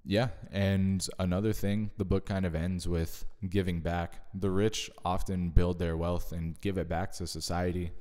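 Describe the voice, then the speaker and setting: A man's voice: deep voice, flat delivery, mellow, in a large hall. A man giving a casual, thoughtful spoken summary of books he listened to, adding his own asides. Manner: thoughtful, measured, adds personal asides. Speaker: video creator summarizing books.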